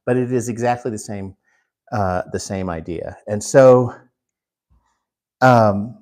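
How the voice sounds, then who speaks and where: A man teaching a Bible class in an unhurried way, putting questions to the class. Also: fairly low pitch, darkish tone. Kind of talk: interactive Bible class lesson.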